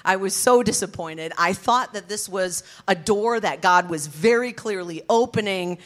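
A woman, telling her personal testimony in an earnest, expressive storytelling way. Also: mid-range voice, normal speed. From Detroit area, USA. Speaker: speaker sharing her testimony.

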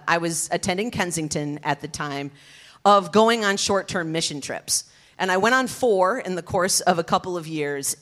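A woman, telling her personal testimony in an earnest, expressive storytelling way. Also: fairly low pitch. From Detroit area, USA. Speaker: speaker sharing her testimony.

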